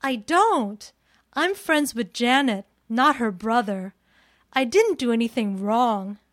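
A woman's voice: fairly high pitch, lively intonation, takes it slowly, no room sound, clean studio sound. A woman playing a teenage daughter in a scripted dialogue, defending herself and protesting to her father. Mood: defensive.

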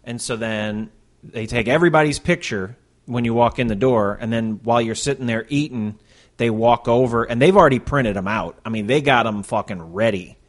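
A man's voice: mid-range voice, moderate pace. A man co-hosting a podcast, telling a story casually and swearing as he goes. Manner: profane, wry storyteller. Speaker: podcast co-host. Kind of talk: casual chat.

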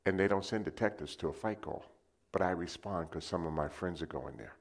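A man preaching a sermon, telling lively stories and acting them out with sound effects. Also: sits low, a little fast. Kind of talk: sermon with storytelling.

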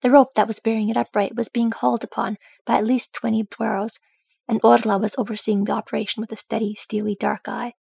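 Woman reading an audiobook with a gravelly voice. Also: fairly high pitch, little pitch movement, fairly quick, darkish tone, no echo. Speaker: audiobook reader. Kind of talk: fan fiction audiobook narration.

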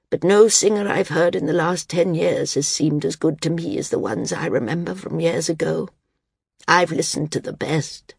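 A woman reading the part of a frail, dying old woman who speaks frankly, wearily and with quiet firmness. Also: low-pitched, creaky, husky, dry recording, studio quality, full character voice. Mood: wry. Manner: frank, weary, gently firm.

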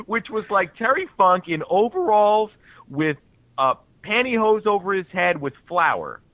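A man's voice: high voice, slow pace, no echo. Man on a tinny phone line. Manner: relaxed, chuckling, short agreeing replies. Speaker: podcast co-host on a call. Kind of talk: casual chat.

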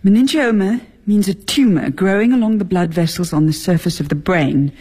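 A woman's voice: on the low side, normal speed, warm tone, husky. An actress playing a bitter, sarcastic middle-aged wife and mother in a radio drama. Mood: bitter, grieving. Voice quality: cutting, sarcastic.

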